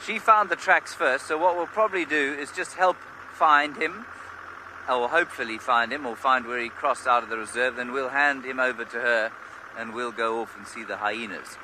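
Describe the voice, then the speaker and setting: A man, a safari guide, calmly organising the search and explaining the plan during live game drive commentary. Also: mid-range voice, moderate pace, noisy background. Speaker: safari guide coordinating by radio. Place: outdoors in a game vehicle.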